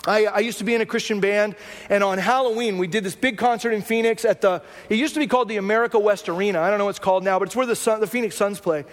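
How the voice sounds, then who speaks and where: Middle-aged guy preaching, high voice, casual storytelling with jokes at his own expense, big echoey church. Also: fairly even intonation, rapid-fire. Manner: conversational storytelling with self-mocking humor. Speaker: pastor. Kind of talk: sermon. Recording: long church hall reverb.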